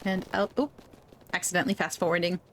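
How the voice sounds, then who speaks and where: A woman's voice: lowish voice, fairly even intonation, fast talker, a bit bright, a little hiss or hum. A woman streaming a video game, chatting casually and reading its dialogue aloud. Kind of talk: casual gameplay commentary.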